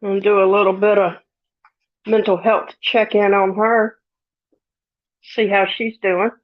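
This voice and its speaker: Woman, unhurried drawl, folksy and giggly, a little sniffly, dull lo-fi stream sound. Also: mid-range voice, flat delivery. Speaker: livestream host. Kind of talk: casual live chat reading comments.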